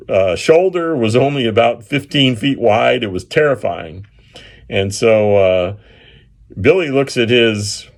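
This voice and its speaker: A man with a fairly low voice recounts a field story from his engineering work. He speaks in a casual, unhurried way. Filler pauses and small chuckles run through his telling.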